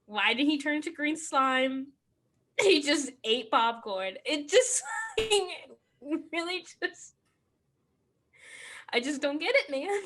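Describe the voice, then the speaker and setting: Bright young woman, rambling chat. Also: sits high, sing-song, slow pace, long pauses. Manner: rambling, laughing, full of "like". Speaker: podcast co-host. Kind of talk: casual chat.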